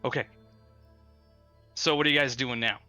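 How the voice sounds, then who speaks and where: A man's voice: medium pitch, steady tone, normal speed, sharp tone, soft background music. A man narrating as game master of a tabletop game in a casual, filler-heavy way.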